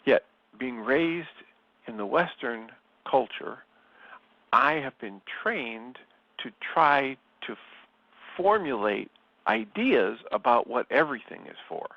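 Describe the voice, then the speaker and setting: A man leading a spiritual study, reading passages and reflecting on them in a slow, measured and thoughtful way. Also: mid-range voice, sing-song, vocal fry, no room sound. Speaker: study group leader. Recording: slightly dull, lo-fi sound.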